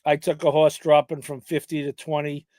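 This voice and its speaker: A man's voice: on the high side, flat delivery, normal speed, darkish tone, dry recording. Hesitant man talking race picks, dry sound. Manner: hesitant, lots of fillers and restarts. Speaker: podcast co-host handicapping horse races. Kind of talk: casual chat.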